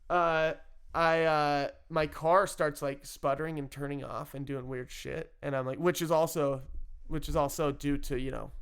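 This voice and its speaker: A man's voice: a little high, creaky, smooth. A man telling a personal story in a casual, self-mocking way, swearing freely and laughing often. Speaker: storyteller recounting his addiction.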